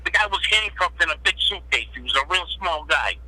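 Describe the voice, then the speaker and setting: A man's voice: fairly high pitch, animated, a little fast, bright, forceful tone, dry recording. A man, a guest telling blunt, profane stories in street talk, heard over a phone line. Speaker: guest, former mobster. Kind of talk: casual interview storytelling.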